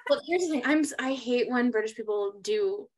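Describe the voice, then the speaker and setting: A young adult woman co-hosting a casual podcast chat about musical theater, excitable and blunt, swearing casually. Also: a little high, fairly quick. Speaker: podcast co-host.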